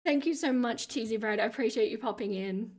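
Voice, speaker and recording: Chatty Australian woman with vocal fry. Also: fairly quick, darkish tone. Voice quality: vocal fry in her lower register. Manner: chatty, laughs often, reads comments aloud. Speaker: livestream host. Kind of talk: casual livestream chat reading viewer comments.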